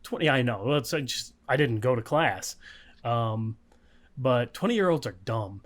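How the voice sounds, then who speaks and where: A man's voice: medium pitch, expressive, normal speed. A man co-hosting a casual podcast, telling a story in a rambling, profane way, with frequent fillers and laughs. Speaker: podcast co-host.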